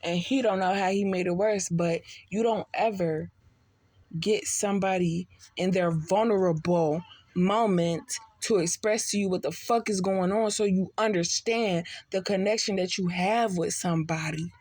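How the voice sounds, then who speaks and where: A woman's voice: fairly low pitch, steady tone, moderate pace, a little mellow, no echo. A tipsy woman giving a casual spiritual reading, blunt and profane, full of streetwise slang. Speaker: tarot reader.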